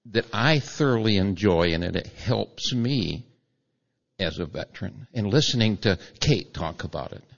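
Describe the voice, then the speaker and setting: A man in his seventies with a very deep voice speaks earnestly to a veterans' gathering, sometimes stalling mid-phrase. His voice comes through a dull, muffled microphone. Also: creaky, fairly bright tone. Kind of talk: public remarks at a veterans' gathering.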